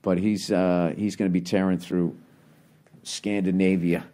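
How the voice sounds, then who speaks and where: A man's voice: sits low, little pitch movement, a little slow, dark tone. A man signing off a podcast segment with casual, mocking, profane banter. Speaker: podcast host.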